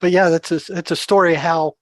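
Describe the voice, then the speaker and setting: An older man speaking as an interview guest, his voice sitting somewhat high for a man. He tells his stories with animation and acts out the dialogue, often stumbling over and repeating words. The recording is close and dry. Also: steady tone, fairly quick, a bit bright, dry recording. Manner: repeats words and restarts sentences. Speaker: podcast guest. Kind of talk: storytelling in an interview.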